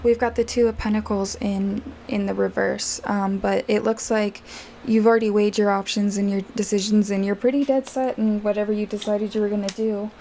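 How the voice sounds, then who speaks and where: A woman's voice: medium pitch, little pitch movement, fairly quick, dark tone, a little hiss or hum. A woman doing a casual tarot reading, chatting directly to her viewers with plenty of fillers. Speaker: tarot reader.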